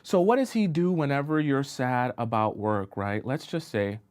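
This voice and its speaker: A man's voice: mid-range voice, moderate pace, darkish tone. Man giving relationship advice, checking in often. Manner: keeps checking in with listeners, asking if they follow. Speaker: relationship coach. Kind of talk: advice talk on a live stream.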